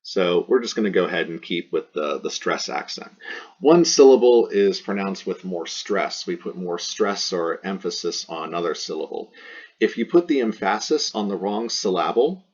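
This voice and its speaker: A man's voice: low-pitched, lively intonation, normal speed, darkish tone, breathy edge. A man teaching a recorded language lesson, patiently repeating terms and examples and spelling out rules step by step. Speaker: Latin teacher. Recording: dull lo-fi recording.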